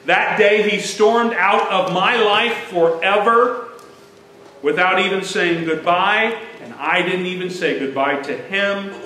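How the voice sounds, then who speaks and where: A man voicing a tearful, wistful elderly mother with a soft, hushed, pleading way of speaking. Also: high voice, a little hiss or hum. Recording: echoey church sanctuary.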